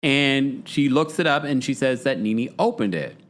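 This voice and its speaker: A man hosting a casual livestream, chatting and reading viewer comments, with a dry mouth. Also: moderate pace. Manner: chatty, animated, jumps into high voices when quoting. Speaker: host.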